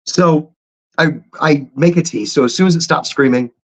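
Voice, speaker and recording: A man hosting a casual livestream chat, talking in an animated, rambling way with chatty asides. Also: a little high, normal speed. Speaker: livestream host. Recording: dull lo-fi stream audio.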